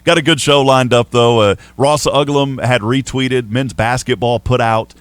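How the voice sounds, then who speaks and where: A man's voice: medium pitch, fairly even intonation, moderate pace, clear, resonant tone, no echo. A man with a Southern accent, hosting a sports radio show in a chatty, rambling way with playful ribbing. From Texas. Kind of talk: casual sports talk.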